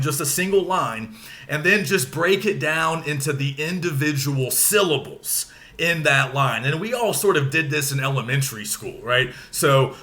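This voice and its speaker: A man giving a recorded lecture, with a bright voice that sits a little high. He explains step by step in a relaxed, casual way, with the odd filler. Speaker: teacher.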